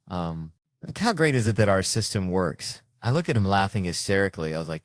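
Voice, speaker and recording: Man, fairly low voice, comic storyteller, profane rambling anecdotes, dry close sound. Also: lively intonation, fast, no echo. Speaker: comedian telling stories. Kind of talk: stand-up storytelling.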